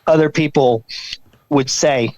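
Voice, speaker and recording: A man talking as a guest on a podcast, telling stories in a rambling, animated way and acting out the sounds and quotes in them. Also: on the high side, takes it slowly, no echo, lo-fi sound. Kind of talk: casual podcast conversation.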